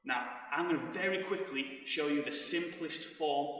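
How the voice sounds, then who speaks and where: A man's voice: on the high side, moderate pace. A man leading an online judo class for children, calling out directions as he moves and getting out of breath. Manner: shouts commands while moving. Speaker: judo coach. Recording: echoey hall, mic far off.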